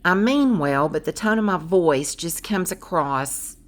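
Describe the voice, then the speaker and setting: A middle-aged woman, chatting casually to her vlog viewers in a loud, brash way, rambling with many fillers and frequent laughs. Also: on the low side, lively intonation, unhurried. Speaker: vlogger.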